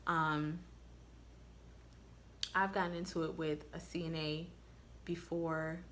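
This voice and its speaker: Blunt, bright-voiced woman nurse vlogging. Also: deep voice, flat delivery, slow, slight background noise. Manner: blunt, candid storytelling with profanity; speaks straight to viewers. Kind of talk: casual advice vlog.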